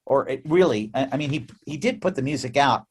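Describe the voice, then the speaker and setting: Animated American man telling stories. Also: medium pitch, brisk, husky. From United States. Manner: animated storyteller, laughs often, many restarts. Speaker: musician guest. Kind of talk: casual interview chat.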